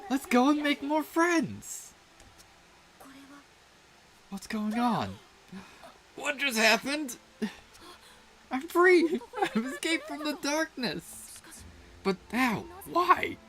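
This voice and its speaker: A woman voicing an excitable ally freed from darkness, speaking in a high, breathless voice. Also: normal speed. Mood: astonished joy.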